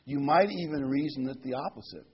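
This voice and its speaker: Husky man preaching a plain, halting sermon. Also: mid-range voice, highs cut off. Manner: plain conversational preaching with many fillers and pauses.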